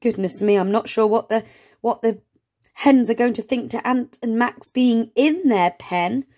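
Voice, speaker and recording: A woman reads a children's phonics book aloud at an unhurried pace. She spells words out letter by letter and praises her young listeners as she goes. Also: a little high, dark tone. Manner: slow, encouraging, sounds out words letter by letter. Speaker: early reading teacher.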